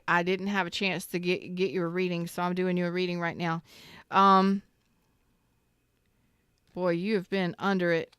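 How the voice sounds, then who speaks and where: Smooth-voiced woman chatting on a live stream. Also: mid-range voice, no echo, studio quality. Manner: chatty, repeats herself, greets viewers by name; swears casually, slangy. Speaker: tarot reader streaming live. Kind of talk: casual live-stream chat and reading.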